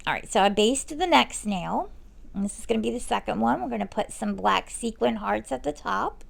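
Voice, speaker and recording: A woman narrating a step-by-step nail art tutorial in a relaxed, chatty way, often correcting herself as she explains. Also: fairly high pitch, normal speed, vocal fry. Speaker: nail artist.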